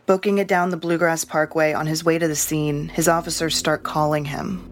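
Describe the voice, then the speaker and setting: Low, flat-voiced woman narrator. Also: normal speed, slight background noise. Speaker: news narrator. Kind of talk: scripted narration.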